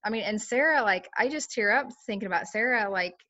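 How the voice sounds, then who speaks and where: Brisk and medium-pitched, with a pushed, bright delivery, a woman chats casually on a team call, sharing her experience. She leans on fillers and acts out others' words, and the recording is muffled.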